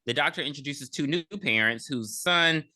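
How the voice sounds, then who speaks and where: A co-host on a casual movie recap podcast who talks expressively and swears freely, jumping into quick character voices. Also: mid-range voice, sharp tone, no room sound.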